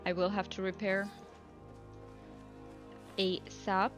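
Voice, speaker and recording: Relaxed chatty woman streamer. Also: medium pitch, slow pace. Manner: relaxed, chatty, laughs easily. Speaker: game streamer. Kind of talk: casual live-stream chat. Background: faint game music.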